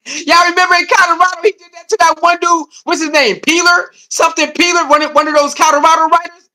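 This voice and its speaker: Brief: high, bright-voiced male streamer doing slangy, heated reaction commentary. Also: a little fast. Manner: animated, repetitive, laughing, slangy; mocking, heated. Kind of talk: casual live-stream commentary.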